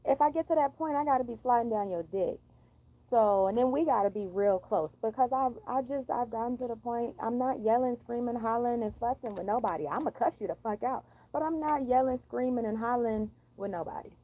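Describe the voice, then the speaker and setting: Woman, young adult, vlogger, blunt, profane, sassy, warm mellow tone. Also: on the high side, brisk, poor audio. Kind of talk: casual venting monologue.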